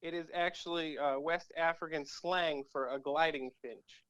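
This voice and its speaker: A man's voice: a little high, steady tone, measured pace, a bit bright, clear, resonant tone, no echo. A man playing a comedic game show over a phone call, bluffing and joking with mock indignation and some swearing. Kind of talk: casual comedic banter.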